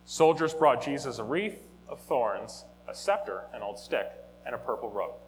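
A man giving an informal Bible teaching at a middle pitch, talking to the room and correcting himself as he goes. His tone is conversational and animated. A faint hum sits under the recording. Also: moderate pace, poor audio. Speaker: teacher of a Bible study or sermon.

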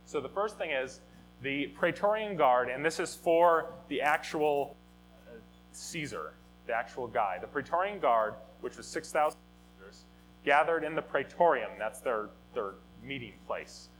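A man teaching a Bible lesson in a conversational, animated way, often restarting and correcting himself. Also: mid-range voice, measured pace, soft background music, rough recording. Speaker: teacher of a Bible study or sermon. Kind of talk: informal teaching talk.

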